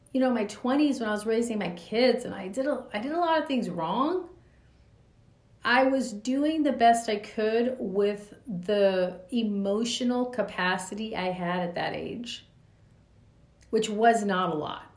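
A woman's voice: fairly high pitch, unhurried, a little mellow. A woman in her forties hosting a reflective podcast monologue, speaking earnestly with loose spoken asides. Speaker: podcast host. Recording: echoey room.

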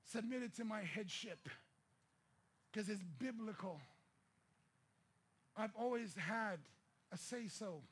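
In this sermon, a middle-aged Filipino pastor recounts a personal story slowly, leaving long pauses. His voice is high-pitched and slightly rough, and it builds into shouted, pleading stretches.

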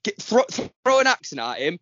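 A man's voice: high voice, sing-song, a little fast, a bit bright, no room sound. A man co-hosting a casual podcast, teasing his friends and laughing a lot. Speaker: podcast co-host. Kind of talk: casual chat. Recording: slightly muffled dry recording.

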